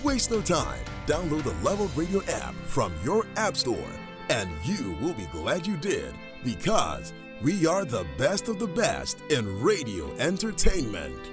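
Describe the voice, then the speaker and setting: A man's voice: fairly high pitch, huge pitch swings, a little slow. A man reading a scripted radio promo in an upbeat, salesy voice-over. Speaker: radio announcer. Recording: voice-over over music.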